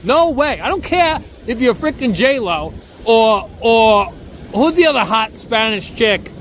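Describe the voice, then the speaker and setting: A man's voice: very high-pitched, measured pace, a little hiss or hum. A man with a New York accent talking in a rambling, boastful, joking vlog monologue outdoors near a beach. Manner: boastful, joking, self-mocking, animated. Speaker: bodyboarding vlogger.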